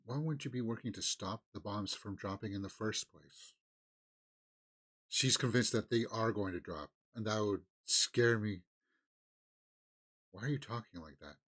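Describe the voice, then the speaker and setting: A man's voice: lowish voice, moderate pace, a bit bright. A man hosting a reaction video, musing aloud in casual commentary and talking to his viewers.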